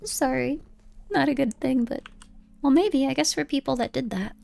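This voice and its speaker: A woman's voice: high-pitched, normal speed, vocal fry, darkish tone. Chatty woman streaming a game. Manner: chatty, rambling, reads game text aloud. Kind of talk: live gameplay commentary.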